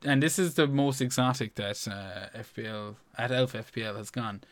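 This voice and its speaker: A man's voice: mid-range voice, normal speed, no echo. A man hosting a casual podcast, teasing his guest and scoring his efforts like a quiz. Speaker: podcast host. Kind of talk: casual chat.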